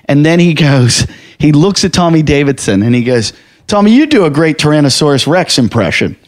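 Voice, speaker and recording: Comedian, man, slightly high voice, dry anecdotes. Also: sing-song, fairly quick. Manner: wry anecdotal storytelling. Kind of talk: casual chat.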